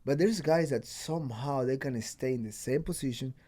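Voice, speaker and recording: Here a male podcast host chats casually and tells stories, cursing liberally and performing other people's lines as quotes. His voice is mid-range and mellow, moving at a normal speed.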